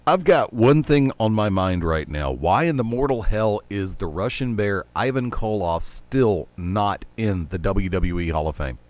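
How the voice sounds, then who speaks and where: A man's voice: lowish voice, animated, unhurried, few pauses, a little mellow. A man hosting a casual sports talk radio show on a headset mic, rambling and opinionated with jokes along the way.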